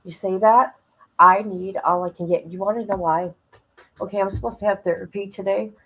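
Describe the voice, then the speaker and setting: Gravelly, emotional woman livestreaming. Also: mid-range voice, steady tone, normal speed, a bit bright, poor audio. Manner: rambling, emotional, talks to chat. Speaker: livestream host. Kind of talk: casual livestream chat. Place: at home. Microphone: phone.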